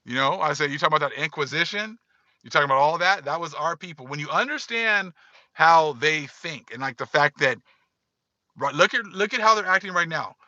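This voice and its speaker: Forceful man giving emphatic commentary. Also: fairly high pitch, lively intonation, brisk, no room sound, lo-fi sound. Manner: emphatic, repetitive, talks straight to viewers. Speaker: online commentator. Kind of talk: casual livestream commentary.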